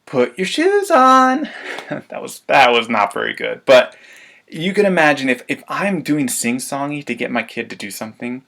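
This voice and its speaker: A man giving a parenting webinar, lively and laughing often, acting out everyday demands parents make. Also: mid-range voice, normal speed, creaky. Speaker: parenting coach. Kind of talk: webinar presentation.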